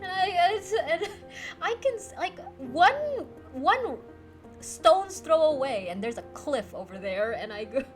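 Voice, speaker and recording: A woman's voice: sits high, a little slow, faint music behind. A young woman, casually telling a story on her livestream and answering chat, laughing often as she talks. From Philippines. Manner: giggly, lively, laughs often mid-sentence. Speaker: streamer.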